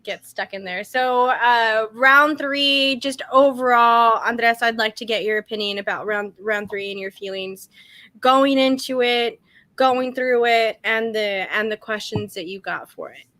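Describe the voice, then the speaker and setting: Bright-voiced chatty woman host, dry sound. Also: fairly high pitch, no room sound. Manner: chatty, giggly, quick asides. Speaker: podcast host. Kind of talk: casual podcast interview.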